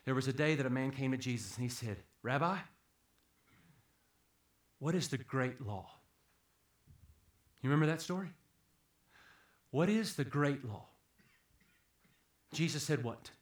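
A man preaching a sermon, swinging from hushed, low passages to loud, emphatic peaks. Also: lively intonation, unhurried, long pauses, reverberant. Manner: dramatic swings from hushed to shouting.

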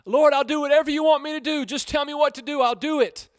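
A man voicing a frantic, panicking man who is hanging from a cliff and yelling, pleading for help. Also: extremely high pitch, fairly even intonation, fast, no room sound, studio quality, voice pushed up.

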